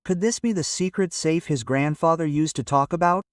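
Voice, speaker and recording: A man reading a scripted story aloud in an even storytelling manner, voicing every quote in the same voice. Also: a little high, normal speed, no room sound, clean studio sound, far from the mic. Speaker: narrator.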